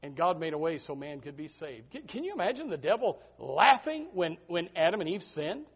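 A man's voice: on the high side, very animated, brisk, husky. A male preacher from the United States giving an emphatic sermon to a congregation, often repeating words as he restarts. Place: church before a congregation. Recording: dull lo-fi recording.

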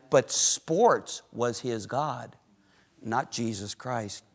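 A middle-aged man preaching a sermon as pastor, telling a personal story animatedly, swinging between loud excitement and hushed moments and asking the congregation questions. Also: medium pitch.

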